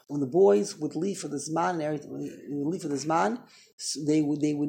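A man with a gravelly edge to his voice lectures a religious class. He talks in an animated way, circling back and restating each point. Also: a little high, slight background noise. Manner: animated, repeats and restarts phrases. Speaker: rabbi teaching a class.

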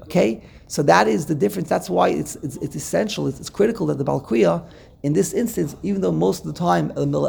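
A man's voice: on the high side, creaky, darkish tone, slight background noise. A man teaching a Torah text lesson, explaining step by step, quoting Hebrew verses and checking in with "okay?". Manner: checks in with "okay?", repeats words while thinking.

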